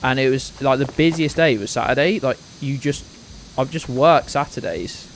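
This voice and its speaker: Medium pitch, moderate pace and a faint hiss or hum mark this recording of a UK man in his twenties. Chatting on a live game stream, he rambles, swears here and there and says hello to viewers by name.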